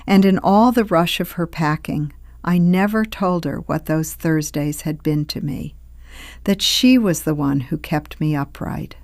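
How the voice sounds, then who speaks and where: Slow, low-voiced older woman storyteller. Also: darkish tone, no room sound, studio quality. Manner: slow and reflective, sometimes dropping to a near whisper. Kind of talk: scripted first-person narration.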